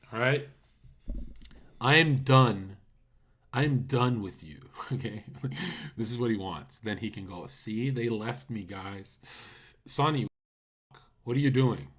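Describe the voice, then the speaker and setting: A man streaming live and ranting at his chat in a blunt, profane way. He fires off incredulous rhetorical questions in a voice of middling pitch. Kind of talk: casual live-stream commentary.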